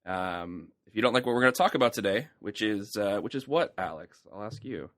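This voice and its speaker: Low-voiced man, wry podcast co-host. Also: brisk, no echo, studio quality. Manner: wry, deadpan asides. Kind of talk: casual chat.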